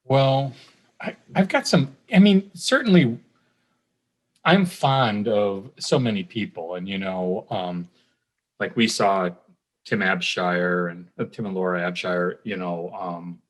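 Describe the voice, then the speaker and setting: A man's voice: low-pitched, takes it slowly. A man in his fifties, an alumni guest, casually reminiscing and telling a rambling story full of ums and restarts.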